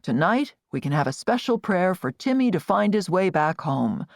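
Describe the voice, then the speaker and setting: A solemn Amish father, as a woman voices him in a storybook reading. His lowered voice is grave and slow. The sound is close and dry. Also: sing-song, no echo.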